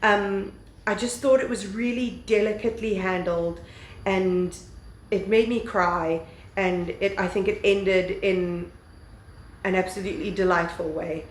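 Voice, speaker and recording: A woman's voice: medium pitch, steady tone, measured pace, echoey room, a little hiss or hum, low-quality recording. A woman chatting casually as she reviews books on her vlog, rambling with lots of fillers and the odd swear word. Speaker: book vlogger. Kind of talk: casual book review chat.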